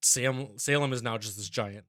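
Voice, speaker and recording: Man, book podcast co-host, dry teasing chat, bright close tone, dead-dry room. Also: mid-range voice, moderate pace, dry recording. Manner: dry, teasing, reads synopsis aloud.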